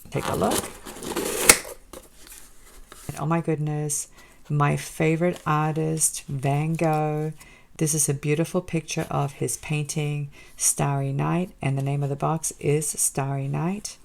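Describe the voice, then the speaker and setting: Woman, unboxing vlog host, deep voice, gravelly fry, enthusiastic, chatty with viewers. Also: flat delivery, unhurried, a little mellow. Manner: gushing, enthusiastic, addresses viewers as guys. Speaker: jewelry designer and channel host.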